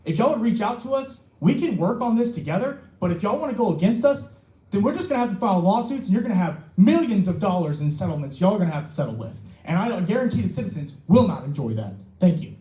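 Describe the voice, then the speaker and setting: A man's voice: sits high, sing-song, fast talker, dark tone. A young man speaking angrily at a city council public comment, emphatic and swearing, with rhetorical questions, in an echoey chamber.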